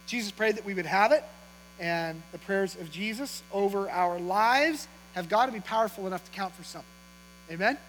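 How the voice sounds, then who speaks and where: A man preaching to his congregation, talking in a conversational, humorous way and teasing them with questions. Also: high voice. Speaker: pastor. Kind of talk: sermon. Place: church auditorium. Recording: long hall reverb with faint mains hum.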